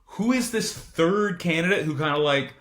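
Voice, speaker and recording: A man's voice: on the high side, moderate pace, fairly bright tone. A man teaching a casual recorded history lecture, informal and chatty with frequent asides.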